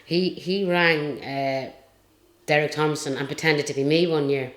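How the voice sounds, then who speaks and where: A woman's voice: low-pitched, steady tone, a little slow. An Irish woman and retired jockey telling stories in a casual interview, rambling and chatty with lots of fillers. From Ireland. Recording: roomy echo.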